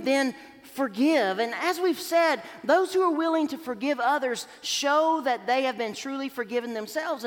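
A pastor preaching a sermon, telling a parable and acting out its voices, in a church sanctuary. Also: medium pitch. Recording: long hall reverb.

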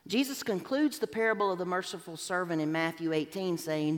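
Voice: medium pitch, brisk, hardly any pauses. A pastor preaching a sermon, telling a parable and acting out its voices, in a church sanctuary. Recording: long hall reverb.

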